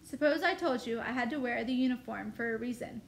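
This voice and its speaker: A woman's voice: fairly high pitch, a little fast, creaky, slight background noise. A woman reading a novel aloud, voicing a proud, cocky young man in a plain, lightly voiced way.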